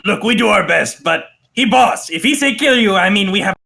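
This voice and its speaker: A man's voice: high voice, expressive, moderate pace, vocal fry, sharp tone, pitched above the performer's own voice, full character voice. A man voicing a scheming goblin underling who talks in clipped, broken grammar. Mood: sly.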